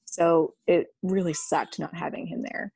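Young woman, gravelly low voice, dry sound, halting candid storyteller. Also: fairly even intonation, a little mellow, no room sound. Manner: halting, full of ums and you-knows. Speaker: vlogger sharing a personal story.

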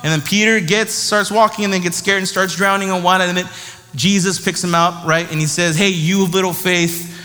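High-voiced man preaching in a reverberant hall. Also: fairly quick, faint music behind. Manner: lively, conversational, frequent "right?" asides. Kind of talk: sermon.

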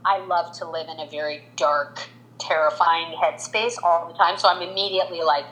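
A woman in her forties with a slightly low voice tells a story in an interview. She is animated, jumping up higher whenever she acts out what someone said. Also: moderate pace, highs cut off. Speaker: makeup artist, guest.

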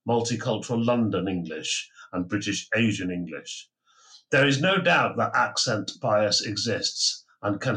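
A man hosting a podcast, reading a formal introduction in a measured way with touches of humor. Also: fairly low pitch, a bit bright. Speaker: podcast host.

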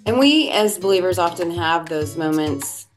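A woman's voice: on the low side, expressive, moderate pace, soft background music. A woman co-hosting a podcast, curious and encouraging toward her guest. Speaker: podcast co-host. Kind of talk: casual interview chat.

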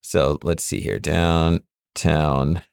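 A young man co-hosting a podcast in a casual chat, rambling and halting with lots of "uh" fillers. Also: rumbling low, fairly even intonation, creaky, darkish tone, clear, resonant tone, no room sound, clean studio sound. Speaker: podcast co-host.

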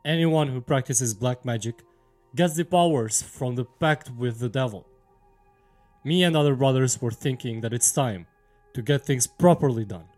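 A man's voice: medium pitch, normal speed, a little mellow, faint music behind, close to an everyday voice. A man playing a church council father who speaks solemnly and with authority in an audio drama. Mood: grave. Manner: solemn, commanding.

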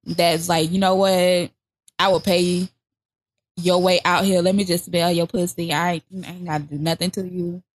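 A woman co-hosting a podcast, gossiping crudely with laughs, sighs and loud exclamations. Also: on the low side, level tone, normal speed, dry recording, clean studio sound. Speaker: podcast co-host. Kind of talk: casual chat.

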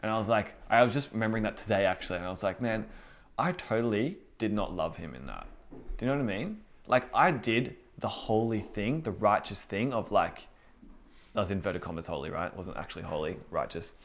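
A man's voice: on the low side, fast. A young man giving an informal, earnest sermon, chatty and full of fillers like "you know what I mean". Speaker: preacher.

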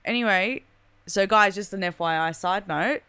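A young woman telling a story in casual chat, animated and full of "like", acting out the voices in it. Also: medium pitch, moderate pace, clean tone, dry recording. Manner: animated, chatty, lots of "like", acts out quoted voices.

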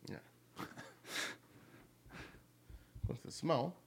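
A man's voice: drawn-out words, a little mellow. Laid-back man teasing over beer. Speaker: beer review podcast co-host. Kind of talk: casual chat.

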